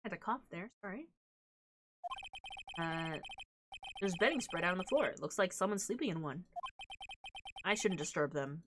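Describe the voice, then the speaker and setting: A woman's voice: on the low side, expressive, moderate pace, long pauses, noisy background. A young woman streamer giving casual let's-play commentary, musing about the scenery with little asides. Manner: chatty, reads scenery aloud, asides.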